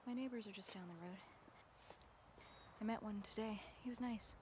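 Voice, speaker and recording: Lead: young woman after a breakup, played by an actress, wry and defensive, halting phone talk, mid-range voice. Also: mid-range voice, darkish tone, a little hiss or hum, natural voice. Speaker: lead character in a short film. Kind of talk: naturalistic film acting.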